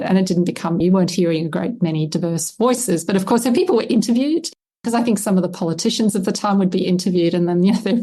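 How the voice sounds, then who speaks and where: A woman's voice: mid-range voice, dark tone. A middle-aged Australian woman, a historian, answering interview questions thoughtfully with many "I mean" asides. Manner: thoughtful, with frequent "I mean" and light laughs. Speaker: historian and lexicographer guest.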